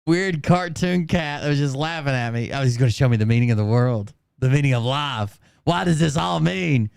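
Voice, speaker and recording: A man's voice: mid-range voice, expressive, moderate pace, vocal fry, clear, resonant tone, no room sound, clean studio sound. A man hosting a show where he reacts to clips, laughing and repeating lines back. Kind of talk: casual reaction commentary.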